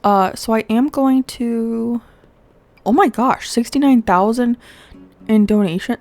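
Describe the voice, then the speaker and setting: A woman's voice: medium pitch, darkish tone. Congested young woman chatting over game play. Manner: chatty, rambling, thinks aloud with fillers. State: congested, sniffling. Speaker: gaming video host. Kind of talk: casual gameplay commentary. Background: faint game music.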